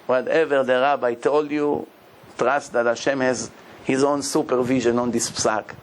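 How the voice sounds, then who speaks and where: Telling stories in his sermon, this rabbi speaks in a mid-range voice at moderate pace on a rough recording with slight background noise. He animates each tale by acting out the characters, laughing frequently along the way.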